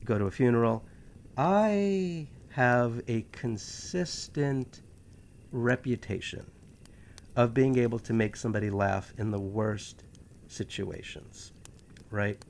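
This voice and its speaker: A man from New York with a New York accent, hosting a talk show in a casual, animated monologue full of sarcastic asides. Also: mid-range voice, slow pace, slight background noise. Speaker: podcast host.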